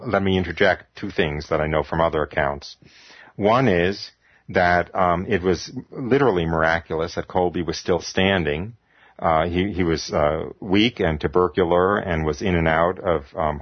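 Male reader, deep voice, dry close sound, measured delivery. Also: dry recording. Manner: measured reading, hesitant fillers when ad-libbing. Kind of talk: reading aloud with commentary. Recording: dull lo-fi recording.

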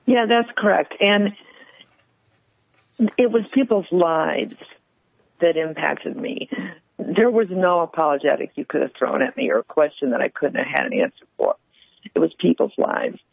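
A woman calling in to tell her faith story in an earnest, halting way. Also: low voice, creaky, slightly rough, dry recording. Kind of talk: personal faith testimony. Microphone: phone. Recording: tinny phone line.

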